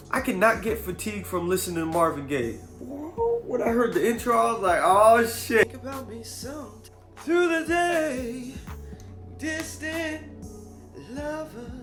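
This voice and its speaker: A man with a fairly high voice hosts a comedic movie review vlog. He talks in an animated, profane way and keeps breaking into quick skits. Faint music plays behind him.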